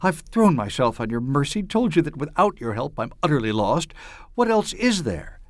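Man voicing a pleading femme fatale, high, swooping, dry close sound. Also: very animated, normal speed, no echo. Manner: breathless, pleading, rising to cries. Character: desperate pleading young woman, femme fatale. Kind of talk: audiobook reading.

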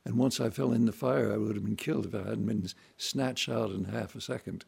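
A man telling family stories in a relaxed, folksy way, acting out voices and sounds as he goes. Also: fairly low pitch, a little fast, vocal fry, husky. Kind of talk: relaxed anecdotal storytelling.

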